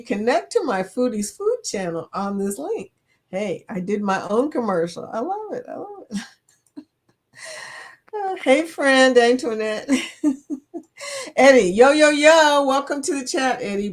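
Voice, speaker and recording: A woman's voice: a little high, expressive, measured pace. A woman in her fifties hosting a casual live chat, reading viewer comments aloud, laughing often and playful. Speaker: livestream host.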